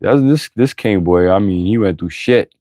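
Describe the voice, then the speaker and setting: This low-voiced man moves at a moderate pace through a Bible teaching, reading verses and then breaking into crude, forceful street-style remarks. Blunt, emphatic and profane, he laughs in bursts. There's no room sound in the dry, close recording.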